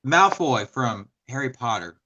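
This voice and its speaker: A man co-hosting a casual film chat, joking with quick asides. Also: medium pitch, expressive, pushed and bright. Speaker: podcast co-host.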